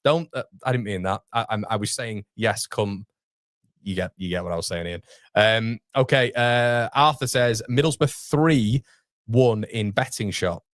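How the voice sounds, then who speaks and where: A man's voice: lowish voice, unhurried, no room sound, studio quality. A young man hosting a live football fan stream, chatting casually and reading viewer comments aloud. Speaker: fan channel host. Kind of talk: live football watchalong chat.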